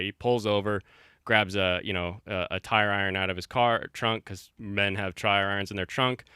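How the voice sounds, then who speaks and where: Man, stream host, casual chat, rambling, low voice, crisp tone. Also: fairly even intonation, normal speed, pushed and bright, no echo, clean studio sound. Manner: rambling storyteller, many fillers and restarts.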